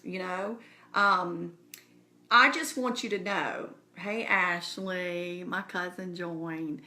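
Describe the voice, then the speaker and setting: A woman talks straight to her online audience in a casual, heartfelt way. Her voice is bright and forward at a mid pitch. She keeps encouraging her listeners as if they were in the room with her. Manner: earnest, encouraging, speaks straight to viewers. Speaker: speaker addressing her community. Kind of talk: casual live-stream address.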